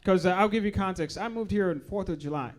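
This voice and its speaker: A young adult man from Uganda, doing a chatty, playful stand-up set in a comedy club and often dropping low for asides. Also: fast talker.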